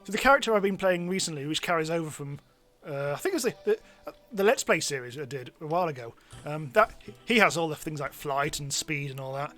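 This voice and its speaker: A man narrates his gameplay live in a loose, chatty way, mocking himself and breaking into excited yelps. His voice sits a little high for a man. Soft game music plays faintly behind him. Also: quick pace. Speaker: game streamer. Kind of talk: live let's-play commentary.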